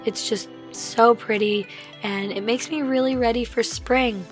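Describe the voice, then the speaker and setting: Casual vlogger, woman, raspy from laryngitis, higher voice, light music bed. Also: steady tone, unhurried. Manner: chatty, enthusiastic, many fillers. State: hoarse from laryngitis. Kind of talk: casual shopping vlog voiceover.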